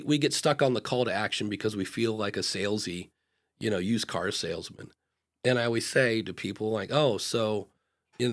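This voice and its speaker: A man co-hosting a live podcast advice show, talking frankly in a loose, casual way with fillers and restarts, and acting out short dialogues in different voices. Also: on the low side. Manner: acts out little back-and-forth dialogues in changing voices. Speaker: podcast consultant and co-host.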